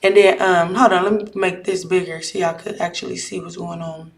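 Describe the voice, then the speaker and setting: A woman's voice: fairly low pitch, fairly even intonation, fairly quick. Blunt, heated woman talking to viewers. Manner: blunt, heated retelling with frequent profanity; reads messages aloud and asks viewers for judgment. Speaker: vlogger. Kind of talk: casual chat to viewers. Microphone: camera or phone mic while live.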